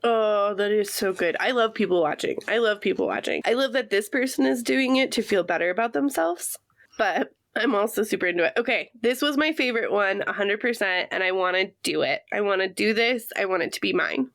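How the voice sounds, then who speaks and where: An American woman co-hosting a podcast from her room at home, chatty and quick to laugh. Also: medium pitch, a bit bright, no echo, clean studio sound. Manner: chatty, laughs often, enthusiastic. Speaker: podcast co-host. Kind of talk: casual chat.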